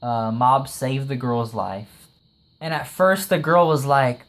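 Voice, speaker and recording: A man gushing through a casual episode review, voice sitting at an ordinary middle pitch. He laughs often, fills with "like," and slips into quick impressions of the characters as he retells the plot. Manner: excitable, laughs often, many "like" fillers; retells scenes with quick acted quotes. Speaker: anime reviewer.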